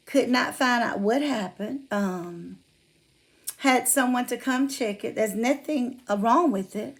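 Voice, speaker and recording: Gravelly-voiced woman chatting live. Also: on the high side, measured pace. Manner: chatty, greets viewers by name, speaks of faith. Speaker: livestream host. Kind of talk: casual livestream chat with viewers.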